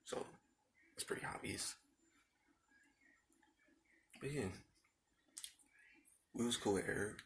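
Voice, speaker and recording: A man's voice: mid-range voice, slow, gravelly, long pauses, fairly bright tone, a little hiss or hum. A young man telling a rambling, profane story about his school days in casual talk, repeating himself often.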